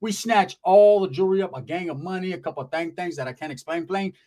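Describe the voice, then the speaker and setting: A young man from California telling a profane comic story, animated and acting out voices. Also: sits high, fast talker. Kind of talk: comedic storytelling.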